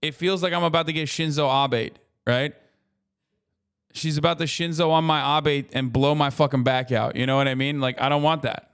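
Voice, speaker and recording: A man with a fairly high, steady, slightly bright voice speaks at a moderate pace in a clean recording. Streaming casually while reacting to a video, he rambles and swears heavily, acting out how strangers react to him.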